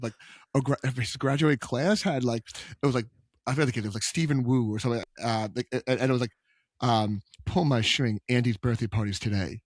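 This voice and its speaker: A man's voice: mid-range voice, no echo. Young male podcast co-host, mid-range voice, dry close mic, rambling with fillers. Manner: rambling, many restarts and fillers. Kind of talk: casual chat.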